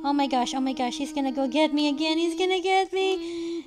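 A woman in her thirties playing a video game with her child, giving animated, exclamation-filled commentary. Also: high voice, brisk. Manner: animated, frequently exclaiming and calling for help. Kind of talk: excited gameplay commentary.

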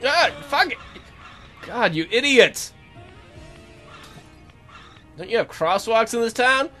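A man's voice: very high-pitched, animated, takes it slowly, bright, forceful tone, soft background music. A man hosting a let's play, giving casual, jokey commentary and reacting aloud to the game.

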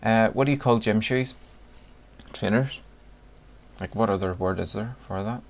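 Young Northern Irish man, lowish voice. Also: unhurried. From Northern Ireland. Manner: chatty, laughs between lines, reads words aloud one by one. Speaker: vlogger. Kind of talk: casual accent-tag video.

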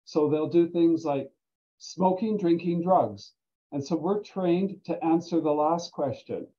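Older man, anecdotal talk, dark mellow tone, dull lo-fi sound. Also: fairly high pitch, unhurried. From Canada. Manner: animated storyteller who laughs often. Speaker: guest speaker, volunteer standardized patient. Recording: dull lo-fi recording.

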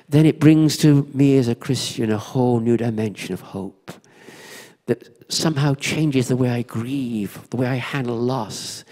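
A man's voice: on the high side, in a large hall. A man preaching a sermon as a pastor, telling a childhood story and speaking earnestly and reflectively about grief and hope. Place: church.

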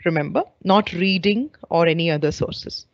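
A woman teacher trainer giving an online webinar lecture, explaining clearly and putting questions to her audience over a video call. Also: fairly low pitch, normal speed, no echo. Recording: dull lo-fi online call audio.

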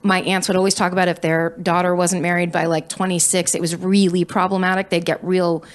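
Animated woman telling stories on a podcast. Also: fairly low pitch, a little fast. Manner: animated storytelling with frequent likes and swearing. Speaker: podcast host. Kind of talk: casual chat.

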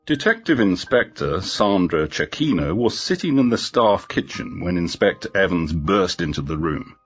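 A man reading a graded-reader story aloud slowly and clearly for English learners. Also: low-pitched, sing-song. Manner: slow, clear, evenly paced reading. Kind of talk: scripted narration for learners. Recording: dull lo-fi with faint background music.

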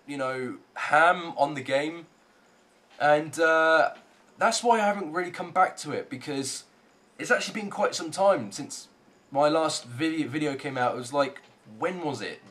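A young man giving gameplay commentary, muttering low when calm and swearing loudly in bursts of rage at the lag. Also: a little slow. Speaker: gaming YouTuber.

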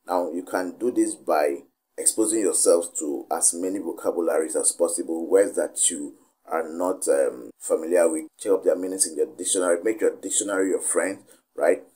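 A man's voice: sits low, moderate pace, dark tone, husky. A man tutoring students for an exam in an informal video lesson, often tagging his points with "right?". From Nigeria. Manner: keeps asking "right?" after each point.

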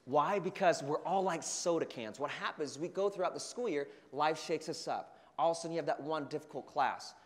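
A man giving an energetic motivational talk to a student leadership conference, telling stories and acting out the voices. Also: fairly high pitch, brisk, few pauses. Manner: energetic storytelling with acted-out voices. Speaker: keynote speaker. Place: large conference hall. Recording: long hall reverb.

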